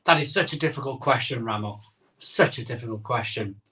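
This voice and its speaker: During a live stream, a man with a medium-pitched voice that sounds pushed and bright talks briskly. He reads out viewer comments in a chatty, cheerful way, with repeated phrases and plenty of ums.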